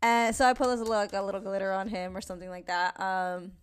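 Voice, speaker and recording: A young woman from New talks in a loose, rambling podcast chat. She fills her talk with "like" and "um", restarts her sentences and swears casually. Her pitch sits in the middle of the usual range for women. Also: fairly even intonation, fairly quick, clean tone. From New York. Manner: chatty, swearing, many fillers and restarts. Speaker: podcast host.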